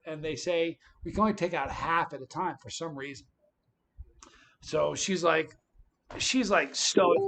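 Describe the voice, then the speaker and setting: A man hosting a livestream, telling a story in a lively, casual way. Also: fairly high pitch, slight background noise. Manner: animated, tells stories with quoted voices. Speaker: livestream host.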